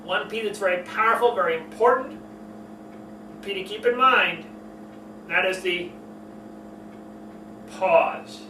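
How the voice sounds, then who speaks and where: A man coaching on public speaking, talking expressively and showing shifts in pace and pitch as he explains. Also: normal speed, pauses often, sharp tone, echoey room, distant mic, slight background noise, rough recording. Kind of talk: instructional talk to camera.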